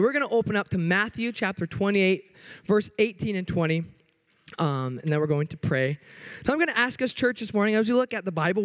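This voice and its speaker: Preaching as a youth pastor in a church sanctuary, a young man with a markedly high, slightly bright voice bubbles with upbeat, hyper energy. He jokes with the congregation and keeps working to rein in his pace.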